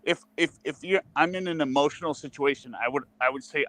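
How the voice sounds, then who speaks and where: A man's voice: mid-range voice, quick pace, fairly bright tone, no room sound, rough recording. Insistent man cutting in. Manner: interrupting, insistent. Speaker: panelist in a stream debate. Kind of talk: casual discussion.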